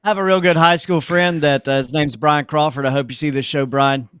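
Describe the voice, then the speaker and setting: A man's voice: fairly high pitch, fairly even intonation, a little fast, fairly bright tone, clear, resonant tone, no room sound, studio quality. A man co-hosting a casual sports podcast, playful and teasing. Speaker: podcast co-host.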